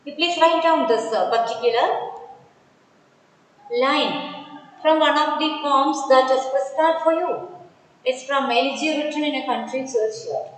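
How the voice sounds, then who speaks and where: A woman teacher giving an online poetry lecture, slow and deliberate, often repeating and restating her words. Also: sits high, very echoey, long reverb tail, poor audio.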